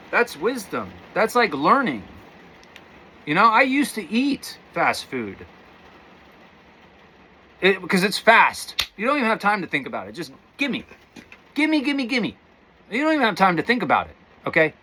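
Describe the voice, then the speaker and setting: Man, spiritual teacher, lively swooping pitch, bright forceful voice, rambling. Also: a little hiss or hum. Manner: rambling, animated, addresses viewers as guys. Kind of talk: casual spiritual talk to camera.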